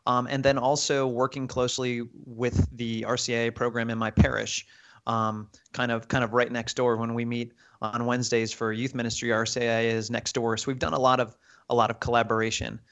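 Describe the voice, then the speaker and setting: A man's voice: mid-range voice, flat delivery, fairly quick, fairly bright tone. A man co-hosting a podcast over a video call, easygoing with dry jokes. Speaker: podcast co-host, youth minister.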